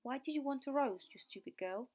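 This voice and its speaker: A woman's voice: high-pitched, animated, brisk, darkish tone, pitched above the performer's own voice. A woman voicing two scornful older sisters with a fake, mocking tone in an audiobook reading of a fairy tale.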